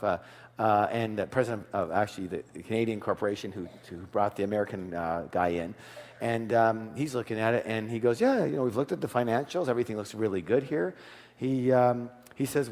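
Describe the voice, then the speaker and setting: A middle-aged man giving a live motivational seminar, telling stories in an animated way, acting out the dialogue and asking the audience questions. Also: lowish voice, quick pace. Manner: animated storytelling, acts out dialogue, asks the audience. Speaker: seminar speaker. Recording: long hall reverb.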